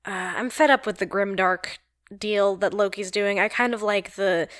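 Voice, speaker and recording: A woman's voice: medium pitch, moderate pace, no room sound. Woman, podcast co-host, casual chat, laughs easily, dry sound. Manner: laughs easily, relaxed and friendly.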